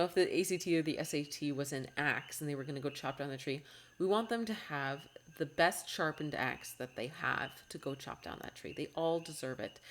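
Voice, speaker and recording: Low-voiced, earnest woman podcast host. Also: slight background noise. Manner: heartfelt and encouraging, with frequent restarts. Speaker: podcast host and test-prep coach.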